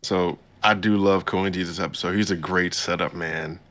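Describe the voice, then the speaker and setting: A man hosting a podcast, casually recapping an anime episode in a laid-back, slangy way and jumping up in pitch to quote the characters. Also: fairly even intonation, moderate pace, fairly bright tone. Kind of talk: casual chat.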